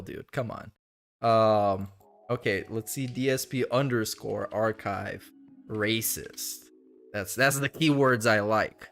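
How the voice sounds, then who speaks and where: A man's voice: medium pitch, fairly bright tone. A young adult man giving casual, sarcastic reaction commentary, laughing and cursing as he goes. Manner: sarcastic, laughing, profane asides. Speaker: reaction streamer.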